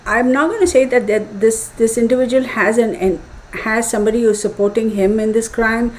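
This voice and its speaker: A woman's voice: a little high, fairly even intonation, normal speed, a little mellow, rough recording. A woman giving a live tarot reading, thinking aloud with many fillers and restarts. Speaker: tarot reader.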